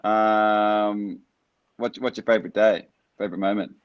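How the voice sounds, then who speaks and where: A man's voice: on the low side, fairly even intonation, measured pace, clear, resonant tone, no room sound, lo-fi sound. A man hosting a live stream, upbeat and chatty, reading out viewer questions. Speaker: host.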